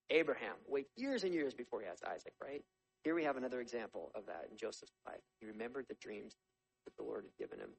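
A man preaching a sermon, reading scripture aloud and explaining it in a conversational, animated storytelling way. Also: on the high side, gravelly, slightly rough, rough recording. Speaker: pastor.

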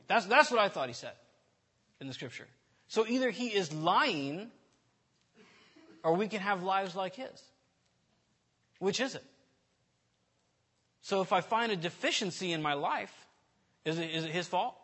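Husky, bright-toned man preaching casually. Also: high-pitched, lively intonation, a little slow, pauses often. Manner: candid, self-deprecating, conversational with frequent restarts. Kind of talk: informal sermon.

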